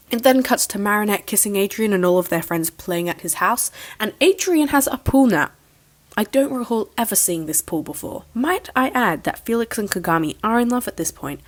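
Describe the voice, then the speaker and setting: A young woman giving a casual, sarcastic recap review of a cartoon finale, mocking the plot as she goes. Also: mid-range voice. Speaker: show reviewer.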